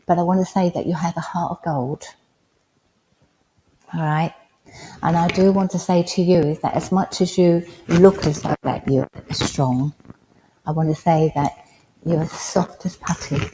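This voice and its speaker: Halting woman in an echoey hall. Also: fairly low pitch, dark tone. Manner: halting, full of ums, relays spirit messages. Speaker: medium. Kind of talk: mediumship demonstration at a service. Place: village hall. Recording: echoey hall, faint background noise.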